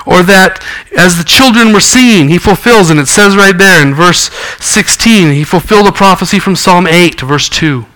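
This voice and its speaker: A man's voice: high voice, normal speed, sharp tone, low-quality recording. A man preaching a sermon, reading scripture and explaining it earnestly. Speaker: pastor.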